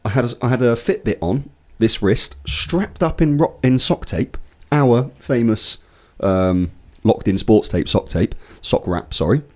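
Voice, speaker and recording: Lively, swearing man telling a story. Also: medium pitch, a little slow. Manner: animated storytelling, swears often, acts out voices in anecdotes. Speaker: podcast co-host. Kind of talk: casual chat.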